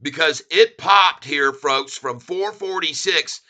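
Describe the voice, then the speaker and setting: A man hosting a stock livestream, chatting with viewers and reading their comments. He gets loud and excited at times. His voice sits fairly high and sounds bright and forceful. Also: slow pace. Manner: excitable, bursts into loud cheers over price jumps.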